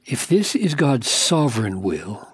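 A man teaching a sermon, slow and emphatic, sometimes dropping to hushed asides. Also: medium pitch, very animated, husky, dry recording. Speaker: pastor.

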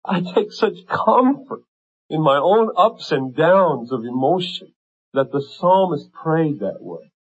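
Fervent preacher man, husky, lo-fi. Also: fairly high pitch, lively intonation, takes it slowly. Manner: impassioned, rising to fervent intensity and dropping to hushed tones. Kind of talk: sermon.

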